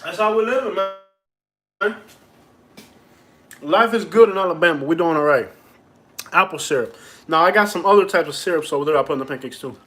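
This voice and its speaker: High-voiced man ranting playfully on a live stream. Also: moderate pace, pauses often, fairly bright tone. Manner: joking, mock-aggrieved complaining. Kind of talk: casual rambling live-stream chat. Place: at home indoors.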